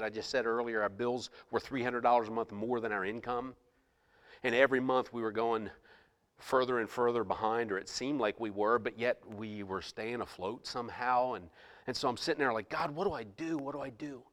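Pastor telling a story in a reverberant hall. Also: male voice, mid-range voice, a bit bright. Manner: storytelling with many restarts and quoted dialogue. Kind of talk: sermon testimony. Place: church.

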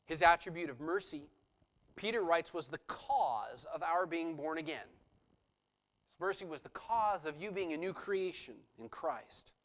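A man's voice: fairly high pitch, animated, unhurried, a bit bright, low-quality recording. A man preaching a sermon, explaining a scripture passage verse by verse and reading passages aloud with rising intensity. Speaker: pastor.

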